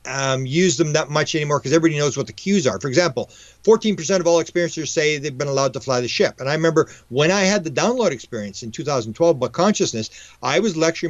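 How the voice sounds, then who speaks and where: A man, a UFO researcher and guest, telling stories in a rapid, animated way, often restarting and acting out dialogue. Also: mid-range voice, dry recording. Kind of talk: animated storytelling. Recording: dull lo-fi, dry sound.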